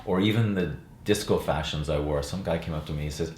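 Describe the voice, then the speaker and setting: An older man with a very low voice speaks in a relaxed, reflective way, often pausing on fillers. His voice sits in a roomy space with a faint hum of ambience behind it. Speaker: actor and playwright. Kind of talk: interview chat.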